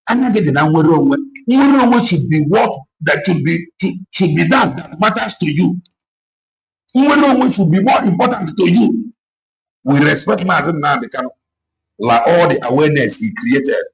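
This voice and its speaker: A man's voice: on the high side, gravelly, rough recording. A man giving an impassioned political talk, switching between Igbo and English and repeating himself to drive points home. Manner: mixes Igbo and English, repetitive, exhorting. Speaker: activist speaker.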